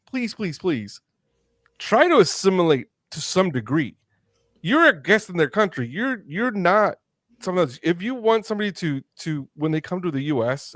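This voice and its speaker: A man's voice: on the high side, dry recording, clean studio sound. Passionate rambling male podcast host. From Mexico. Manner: passionate, rambling with many restarts. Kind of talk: casual interview chat.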